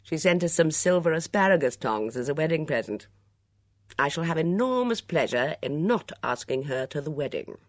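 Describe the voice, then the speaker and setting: A thoughtful young man makes droll remarks, as a woman reader voices him. The voice is pushed low and slightly husky, close and dry. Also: lively intonation, moderate pace, no echo.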